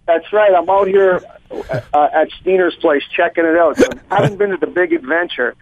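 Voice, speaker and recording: A man's voice: high-pitched, sing-song, a little fast, creaky, dry recording. Male phone-in guest, rambling sincere anecdote teller, phone-quality audio with no room sound. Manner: rambling, heartfelt storyteller with many restarts. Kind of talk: telling a long personal anecdote on a phone interview. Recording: tinny dry phone line.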